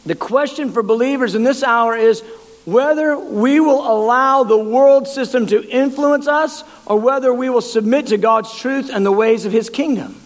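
A male preacher delivers an impassioned sermon, often doubling back and stammering on words as he presses his point. His voice sits fairly high for a man, and a long hall reverb trails after each phrase. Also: normal speed.

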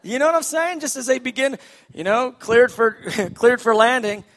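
A man preaching a sermon, animated, swinging between shouts and hushed, quiet lines. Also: very high voice, normal speed. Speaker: pastor.

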